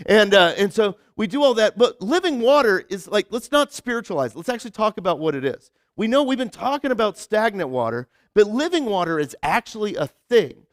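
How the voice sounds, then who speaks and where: A man's voice: high-pitched, sing-song, brisk, hardly any pauses, dry recording, studio quality. A young man preaching a casual, conversational sermon, telling stories with lots of "like" and restarts. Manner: chatty storyteller, many repeated "like" and restarts. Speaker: pastor.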